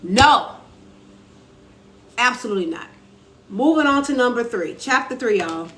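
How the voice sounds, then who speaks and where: Young woman chatting on a live stream, answers comments, kinda high voice, roomy echo. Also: lively intonation, measured pace, a bit bright. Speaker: author and live-stream host. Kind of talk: casual motivational live-stream talk. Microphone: phone. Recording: echoey room with faint ambient noise.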